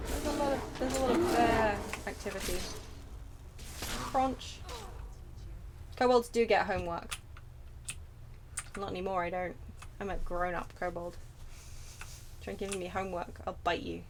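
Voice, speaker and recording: A woman's voice: mid-range voice, steady tone, a little slow, long pauses. Rambling British woman streamer, noisy line. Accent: British English. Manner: rambling, chatty, self-deprecating asides. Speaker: game streamer. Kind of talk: casual chat while playing a game. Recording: noisy home stream audio.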